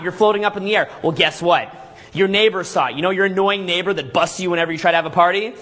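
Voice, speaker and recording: A man giving a live seminar lecture to a room of people, energetic and full of rhetorical questions and "okay?" checks, acting out scenes as he tells them. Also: high voice, fast. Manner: acts out scenes with vivid storytelling. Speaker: seminar speaker.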